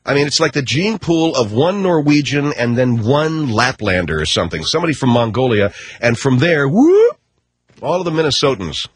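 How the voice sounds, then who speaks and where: A man's voice: mid-range voice, expressive, fairly quick, hardly any pauses, slightly rough, dry recording. A middle-aged man hosting a talk radio show, ranting in a brash, sarcastic comic monologue. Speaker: radio host.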